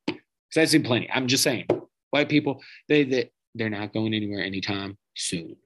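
A podcast host launches into a sarcastic political rant full of profanity, mocking the people he targets. His voice is fairly low and fairly bright, delivered at a moderate pace, and the audio quality is poor.

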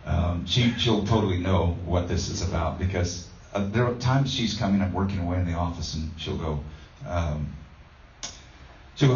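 A man's voice: deep voice, moderate pace, darkish tone, slight background noise. A man preaching a conversational sermon, telling a homey story with many ums and restarts. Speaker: pastor. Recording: roomy distant dull sound.

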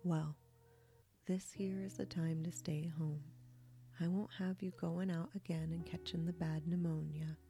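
A woman's voice: on the low side, level tone, a little slow, mellow, soft background music. Woman reading as a fretful old grandmother.

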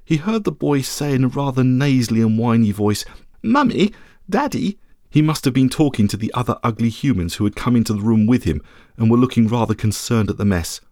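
A man narrating a children's story as podcast host, in an expressive, measured way. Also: mid-range voice, no echo, clean studio sound. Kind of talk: scripted audiobook narration.

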